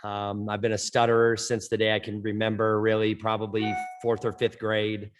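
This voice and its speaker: A middle-aged man from California, a softball coach being interviewed on a podcast, who stutters and often repeats words and fills pauses. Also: fairly low pitch, completely flat delivery, faint music behind. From Orange County, California. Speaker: head softball coach, guest.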